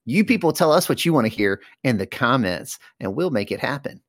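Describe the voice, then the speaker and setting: A man's voice: medium pitch, sing-song, fairly quick, no room sound, studio quality. A man co-hosting a casual podcast chat about a card game, rambling with fillers and laughing often. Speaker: podcast co-host.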